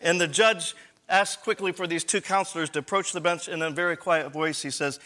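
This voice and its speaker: High, bright-voiced man giving a talk. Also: fairly even intonation, fairly quick. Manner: conversational lecturing with rhetorical questions and frequent self-corrections. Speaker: conference speaker on church leadership. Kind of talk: live conference talk.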